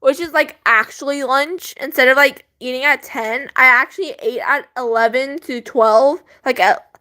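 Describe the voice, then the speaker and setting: A woman's voice: high voice, moderate pace, bright, forceful tone, no room sound. A teenage girl vlogging from her bedroom, rambling about her school day with lots of fillers and giggles. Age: teens. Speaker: student vlogger. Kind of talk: casual chat. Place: bedroom at home.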